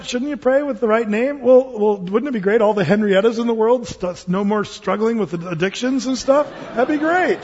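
A pastor preaching to his congregation, chatty and humorous, with a high-pitched, husky voice. His words ring through a reverberant hall on a dull, lo-fi recording. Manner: conversational, humorous storytelling. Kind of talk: sermon.

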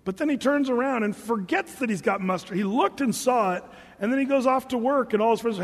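A man preaching a casual, joking sermon, reading scripture slowly between everyday asides. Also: high-pitched, long reverb tail. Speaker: pastor.

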